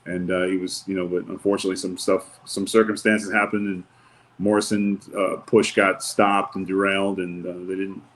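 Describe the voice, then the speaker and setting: A man's voice: deep voice, flat delivery, moderate pace, slight background noise. A man telling stories in a casual interview, loose and rambling, acting out the people he quotes. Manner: loose, rambling, with many fillers and restarts. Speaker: wrestling guest.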